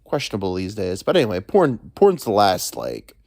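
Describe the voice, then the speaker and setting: A man's voice: lowish voice, wildly swooping pitch, normal speed, a little mellow, no echo, studio quality. A man hosting a solo podcast from home, rambling crudely with joking asides. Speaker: podcast host. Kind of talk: casual solo monologue. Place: alone at home.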